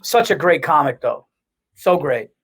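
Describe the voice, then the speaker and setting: A man with a high-set speaking voice, talking as a guest comedian on a chat podcast. He tells crude, animated anecdotes and keeps restarting his sentences as he goes. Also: breathy edge, rough recording. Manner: profane, animated storytelling with quick restarts.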